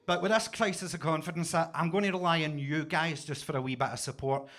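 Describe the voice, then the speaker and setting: A man's voice: a little high, steady tone, fast, a bit bright. A Scottish man in his forties doing a stand-up set in a basement comedy club, with punchy, self-mocking storytelling. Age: 40s.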